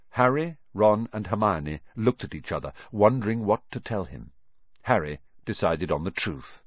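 A man narrating a storybook in a highly expressive way, with a dull, dry recording. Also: moderate pace, dry recording. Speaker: audiobook narrator.

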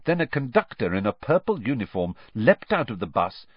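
Lively male audiobook narrator. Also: medium pitch, brisk, breathy edge, dry recording. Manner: lively, expressive storytelling. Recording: dry, slightly muffled.

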